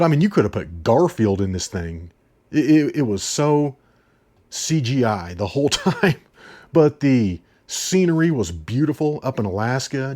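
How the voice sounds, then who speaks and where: A man's voice: medium pitch, a little mellow. A man talking casually about movies he watched, rambling, repeating himself and laughing often. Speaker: movie reviewer.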